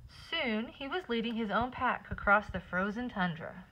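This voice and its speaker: A woman reading a picture book aloud to children, pausing to explain words and count along with them. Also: a little high, animated, bright, forceful tone, highs cut off, slight background noise. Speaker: teacher.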